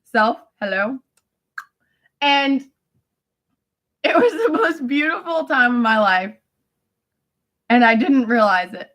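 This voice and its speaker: Woman with a high, bright voice, rambling on to her friends, laughs a lot, swears casually. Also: very animated, takes it slowly, long pauses. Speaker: vlogger addressing family friends. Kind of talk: rambling reminiscing monologue.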